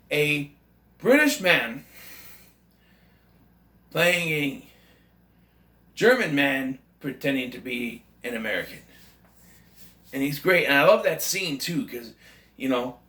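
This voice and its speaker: A man's voice: on the high side, pushed and bright, echoey room. A man giving a casual, rambling, enthusiastic movie review, often correcting himself mid-sentence. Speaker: film reviewer.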